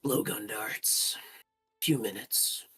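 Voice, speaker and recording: A huge crocodile-like trader in a tabletop fantasy game, speaking in short, gruff bursts and dropping to a whisper, as a game master puts him on. The voice sits low, with a grumbling growl under the words. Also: male voice, slow pace, fairly bright tone, far from the mic, soft background music, full character voice. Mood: hushed. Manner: curt, low growling delivery, sometimes whispered. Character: hulking crocodile-like male lizardfolk trader, terse.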